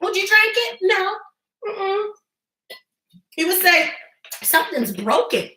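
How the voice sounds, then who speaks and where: A woman's voice: very high-pitched, fairly even intonation, slow pace, pushed and bright. A woman business coach talking emphatically on a live stream, repeating her points and laughing in asides. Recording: echoey room.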